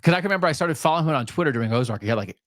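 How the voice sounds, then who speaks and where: A man co-hosting a sports talk podcast, chatting casually and telling rambling, animated stories. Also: a little high, rapid-fire, no echo, studio quality. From US Mid-Atlantic region. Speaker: podcast co-host. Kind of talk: casual chat.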